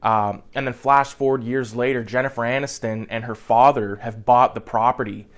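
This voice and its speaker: A man's voice: medium pitch, steady tone, normal speed. Rambling, foul-mouthed young man. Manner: rambling, profane, heavy on "like" fillers. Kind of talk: casual movie recap.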